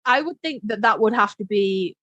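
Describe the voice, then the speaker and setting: A woman's voice: medium pitch, expressive, normal speed, a bit bright, dry recording, dull audio. A woman co-hosting a podcast in casual chat, blunt and self-deprecating, swearing freely. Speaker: podcast co-host and instructor.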